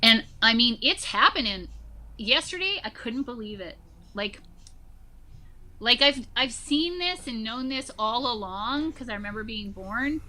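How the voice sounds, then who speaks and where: A woman in her forties speaks as a guest in a relaxed conversation. Her voice is bright and forward. She tells her stories in an animated way, full of "like" and "you know.". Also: fairly high pitch, measured pace. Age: 40s. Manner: animated storyteller, many fillers like "like" and "you know". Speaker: guest, social emotional learning teacher. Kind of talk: casual conversation.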